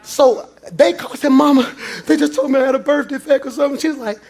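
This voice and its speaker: Man, pastor, high voice, shouted preaching then quiet storytelling, church sermon. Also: steady tone, quick pace. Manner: swings between shouted preaching and low confiding talk. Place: church before a congregation.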